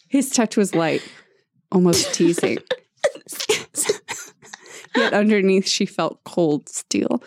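A young woman co-hosting a podcast, chatting and reading a book aloud, giggly and expressive, swearing freely. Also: mid-range voice, slow pace, pauses often, no room sound. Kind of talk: casual chat and dramatic reading.

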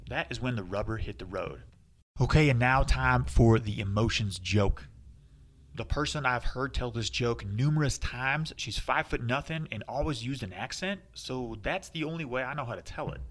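A man's voice: medium pitch, moderate pace, fairly bright tone. A man hosting a podcast, talking casually and upbeat in a solo monologue. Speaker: podcast host.

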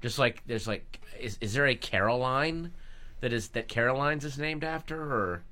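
Guest comedian, man in his 30s, forceful bright voice, laughs through his anecdotes on a studio talk show. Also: mid-range voice, moderate pace. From Virginia suburbs of Washington DC, USA. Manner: animated storyteller, laughs while talking. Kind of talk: casual radio talk-show chat. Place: radio studio.

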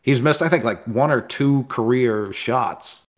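A man's voice: medium pitch, unhurried. A young man co-hosting a casual sports chat, telling stories animatedly and acting out what people said. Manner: animated storyteller, acts out quoted voices. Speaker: podcast co-host.

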